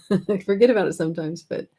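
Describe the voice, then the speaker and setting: A woman chatting casually at home with her husband, playful and quick to laugh. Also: on the low side, mellow. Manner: giggly, playful, teasing. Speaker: co-host, wife. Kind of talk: casual chat. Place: home in Denmark, indoors.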